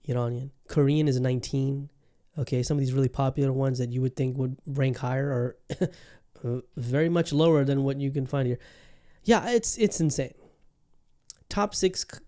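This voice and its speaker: A male podcast host talking on his own in a loose, casual way. He rants with animated disbelief, swears freely, and keeps circling back to the same point while he tries to calm himself. His pitch sits in the middle. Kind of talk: casual solo podcast talk. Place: Bangkok, Thailand.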